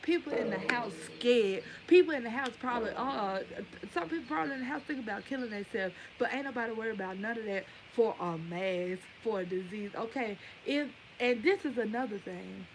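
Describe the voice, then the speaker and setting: A woman's voice: fairly high pitch, expressive, a little fast, a crowd in the background, low-quality recording. A woman in her twenties giving a rambling, emphatic opinion rant straight to her viewers. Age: 20s. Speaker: vlogger. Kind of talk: casual opinion rant to camera.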